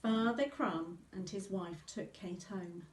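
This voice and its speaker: In an echoey room, with the microphone some distance away, a teacher reads a storybook to pupils slowly and expressively. She has a medium-pitched voice.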